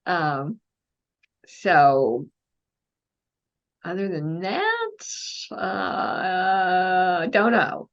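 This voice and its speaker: A woman with a Texan accent, a mystery novelist answering interview questions in a thoughtful, casual way with many pauses and fillers. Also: fairly low pitch, big pitch swings, muffled recording. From Texas, USA.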